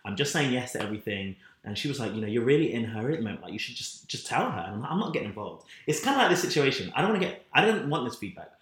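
A man in casual conversation, telling a work story quickly and animatedly, acting out what others said. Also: medium pitch, big pitch swings, a bit bright. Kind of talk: casual chat. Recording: roomy echo.

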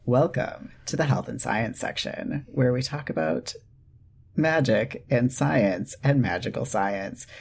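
A woman hosting a casual podcast chat, dry and relaxed as she introduces segments. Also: extremely low pitch, takes it slowly, vocal fry, a little hiss or hum. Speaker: podcast host.

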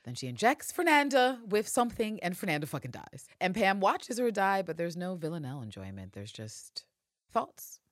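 Low-voiced woman recapping TV with big swings. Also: brisk, hardly any pauses, no echo, studio quality. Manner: animated, profane, acts out characters' lines. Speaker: podcast co-host. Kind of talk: casual TV recap chat.

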